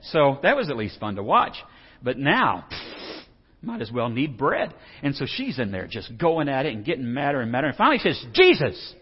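Animated man teaching a Bible lesson. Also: medium pitch, a little fast, slightly rough. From Texas. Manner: folksy, joking, asks the audience questions. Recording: dull reverberant hall sound.

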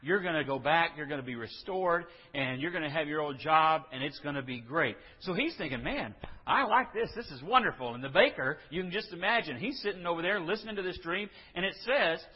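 Husky preacher with a hall echo. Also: male voice, a little high, fairly quick, hardly any pauses. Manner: conversational storytelling with asides and humor. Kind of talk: sermon. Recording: dull recording in a reverberant hall.

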